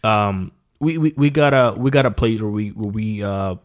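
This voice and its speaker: A man who used to rap, a guest on a casual podcast, telling stories in a profane, animated way with many restarts. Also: fairly low pitch, moderate pace. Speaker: podcast guest, former rapper. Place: small home recording room.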